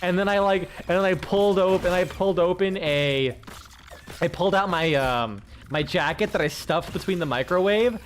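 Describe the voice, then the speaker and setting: A tired man chatting casually while streaming a game, rambling and excitable, swearing and laughing often. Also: high voice, normal speed, slight background noise. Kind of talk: casual gaming stream chat.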